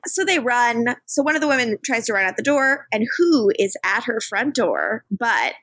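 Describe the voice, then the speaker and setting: A woman's voice: on the high side, very animated, normal speed, few pauses, fairly bright tone, no room sound. Playful, swearing American woman podcaster. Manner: laughs often, playful, swears casually. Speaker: podcast co-host. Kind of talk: casual recap chat.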